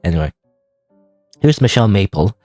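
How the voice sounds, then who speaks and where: A man's voice: low-pitched, sing-song, moderate pace, darkish tone, no room sound, faint music behind. A man streaming a game live, giving casual, rambling, self-deprecating commentary full of "you know" and "I don't know.". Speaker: gaming streamer.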